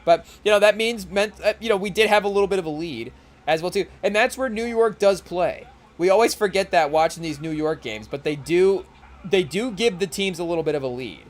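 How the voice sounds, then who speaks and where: A young man hosting a podcast, chatting loosely about a basketball game as he watches, full of fillers and restarts. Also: high voice. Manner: rambling, filler-heavy, tries quick celebrity impressions. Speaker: podcast host. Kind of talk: casual live game commentary.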